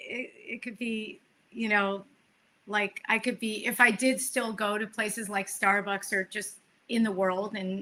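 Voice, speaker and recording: A woman guest chatting in a relaxed, rambling way on a live stream. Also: mid-range voice, a little hiss or hum. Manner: relaxed, rambling, self-deprecating. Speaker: musician guest. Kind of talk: casual live-streamed conversation.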